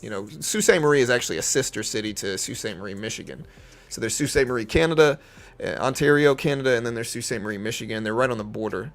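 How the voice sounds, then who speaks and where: A man's voice: mid-range voice, fast talker, faint music behind. A young man from Louisiana with a Southern accent, chatting casually and giving live market commentary. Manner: laid-back, chatty, uses lots of fillers. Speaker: live stream trader.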